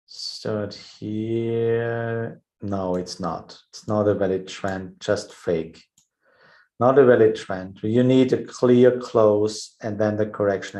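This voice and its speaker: A man's voice: fairly low pitch, warm tone, low-quality recording. A man hosting a live trading webinar, thinking aloud over charts with frequent "yeah" fillers. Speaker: trading show host.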